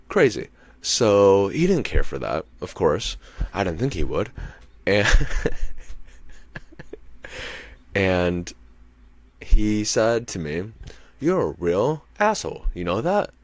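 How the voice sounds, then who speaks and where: A man's voice: low voice, dry recording. A man hosting a podcast, telling a rambling, profane story in a casual monologue and often checking in with the listener. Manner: rambling, profane, keeps asking "you know what I mean". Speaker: podcast host and comedian.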